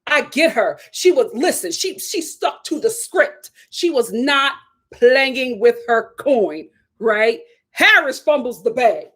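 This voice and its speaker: A sassy woman riffing on a reality show in a casual video review. Her high voice is emphatic and full of laughing asides. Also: big pitch swings, normal speed, husky.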